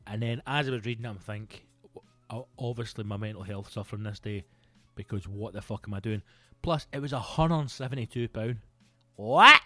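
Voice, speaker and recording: A Scottish man in his thirties hosting a solo comedy podcast, telling rambling, sweary, animated stories. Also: lowish voice, fairly quick, no echo, faint music behind. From Scotland. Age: 30s.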